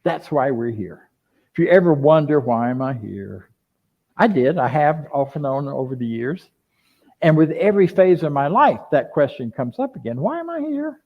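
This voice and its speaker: An older man preaching a conversational sermon as a minister, lively and full of rhetorical questions to his congregation. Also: medium pitch, normal speed. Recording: dull lo-fi sound.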